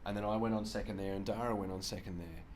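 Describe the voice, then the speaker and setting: Comic, lowish voice, animated storyteller who laughs and slips into voices. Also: male voice, fast talker, slight background noise. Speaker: comedian guest. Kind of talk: casual anecdote telling. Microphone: shared handheld microphone.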